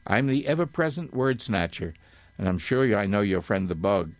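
A man's voice: lowish voice, very animated, normal speed, no echo. An older man reading aloud as a grimy, malicious male bird who twists every word, haughty and cackling. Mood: gleeful.

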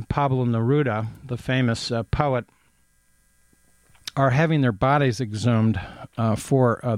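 A man's voice: mid-range voice, no echo. A man reading news aloud and adding his own opinions, hesitating often with ums and uhs as he goes. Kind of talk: casual news commentary.

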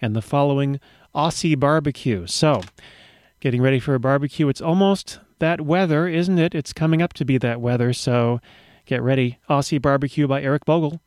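A man's voice: mid-range voice, moderate pace, darkish tone, dry recording. A man hosting a radio show, talking in a wry, rambling way with dry humor. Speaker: radio host. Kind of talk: casual radio chat.

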